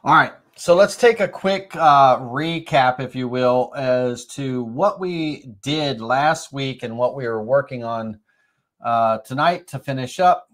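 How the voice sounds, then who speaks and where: Middle-aged man, slight cold, live stream woodworking tutorial, rambling, lots of ums, mid pitch. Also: takes it slowly, a bit bright. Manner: rambling, filler-heavy, self-correcting. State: has a cold, occasional coughs.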